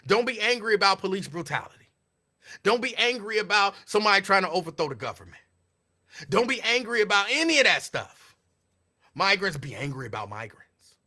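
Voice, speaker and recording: A man, talking as a host in casual, sarcastic commentary. His voice is high and very bright. He swings his pitch widely as he repeats his points like a sermon. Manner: preachy, repetitive, sarcastic.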